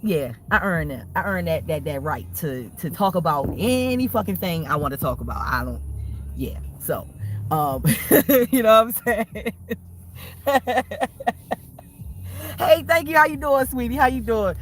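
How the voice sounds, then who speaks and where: A woman's voice: medium pitch, expressive, a little slow. A woman talks straight to her livestream viewers in a loose, rambling way, full of profanity. She breaks into laughter again and again. Faint background noise hums under her voice. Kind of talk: casual livestream chat with viewers.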